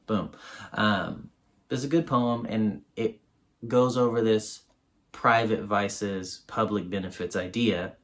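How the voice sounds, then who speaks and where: A man's voice: lowish voice, slow pace, fairly bright tone. A man giving a casual, rambling book review on his video channel, full of fillers.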